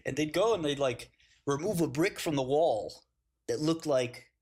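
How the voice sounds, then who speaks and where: A man's voice: on the high side, lively intonation, normal speed, darkish tone, husky. A man hosting a casual livestream, telling crude slangy stories and laughing often. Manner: slangy storytelling. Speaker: livestream host.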